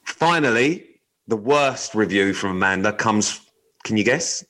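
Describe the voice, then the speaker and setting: Sweary man, lowish voice. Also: expressive, measured pace, a bit bright, low-quality recording. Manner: blunt and sweary, reading news items aloud with asides. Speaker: podcast co-host. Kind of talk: casual chat.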